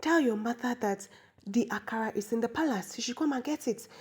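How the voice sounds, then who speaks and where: A woman's voice: on the high side, fairly quick, husky. A woman voicing a haughty queen who scolds market sellers. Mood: commanding. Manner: scolding, demanding.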